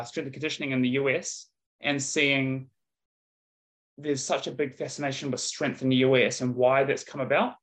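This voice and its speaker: Podcast guest: easygoing New man, chatty, average pitch. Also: poor audio. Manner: relaxed, chatty, lots of fillers and "mate". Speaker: strength and conditioning coach, podcast guest. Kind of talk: casual podcast conversation.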